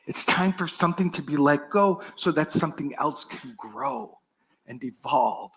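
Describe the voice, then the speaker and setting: A middle-aged male pastor giving an earnest sermon, shifting often from strong emphasis down to soft, almost whispered phrases. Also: a little high, expressive, measured pace, gravelly. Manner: earnest, varied dynamics, drops to soft near-whispers.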